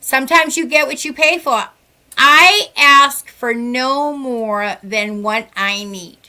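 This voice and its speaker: A middle-aged woman with a high, bright voice talks as a psychic medium guest. She chats animatedly and acts out the dialogue she quotes. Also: takes it slowly. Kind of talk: casual podcast chat.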